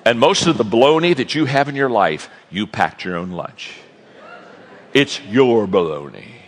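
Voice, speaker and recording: A man preaching a sermon, telling stories with lively energy and acting out the people in them. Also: medium pitch, measured pace, in a large hall, slight background noise. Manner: animated storytelling, acting out characters. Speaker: guest speaker.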